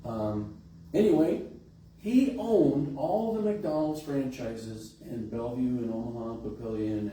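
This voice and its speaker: A middle-aged pastor with a mellow, mid-range voice tells a folksy, conversational story in a sermon at a large church. The sound is echoey, with a distant mic and a faint hiss.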